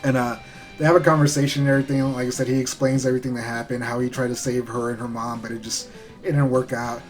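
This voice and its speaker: A man's voice: medium pitch, little pitch movement, quick pace, soft background music. A man giving a loose, rambling recap of a show episode, full of fillers and the odd swear word. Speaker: show reviewer.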